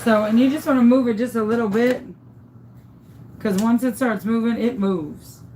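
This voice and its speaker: A woman's voice: fairly high pitch, normal speed, a little mellow, a little hiss or hum, poor audio. A woman giving a casual hands-on crafting tutorial, chatty and thinking aloud as she works. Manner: chatty, thinks aloud, often gushes over the work. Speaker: crafter demonstrating epoxy tumbler making.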